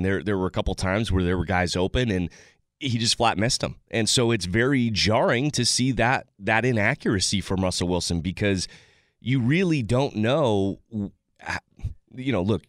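A man's voice: fairly low pitch, no room sound, clean studio sound. A man giving casual sports analysis on a talk show, rambling with frequent restarts and fillers.

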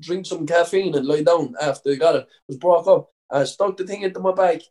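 Young irish man, a bit high-pitched, fighter guest, rambling casual stories, lots of swearing. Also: a little fast, dark tone, rough recording. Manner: rambling, swears freely, many fillers. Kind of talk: casual storytelling interview.

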